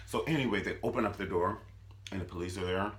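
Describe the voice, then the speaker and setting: A man giving a sassy, animated comedic recap of a TV drama, swooping between squeals and low mutters. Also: quick pace. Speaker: vlogger reviewing a TV drama.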